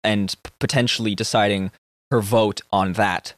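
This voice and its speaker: A man hosting a casual podcast, explaining news stories in a measured way. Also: on the low side, fairly even intonation, fairly bright tone, dry recording, studio quality. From Canada. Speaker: podcast host.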